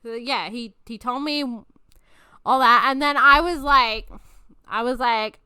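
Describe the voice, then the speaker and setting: A woman's voice: on the high side, a little slow, bright, forceful tone, clean tone, dry recording. A woman in her twenties hosting a podcast, telling personal stories in a loose, chatty way, swearing freely and laughing often. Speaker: podcast host. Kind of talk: casual storytelling chat.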